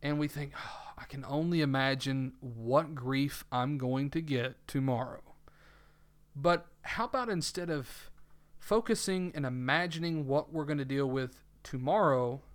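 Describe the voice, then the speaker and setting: A man's voice: mid-range voice, unhurried, smooth. A man with a Southern US accent hosting a faith talk show, speaking casually with many hesitations and restarts. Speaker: radio show host.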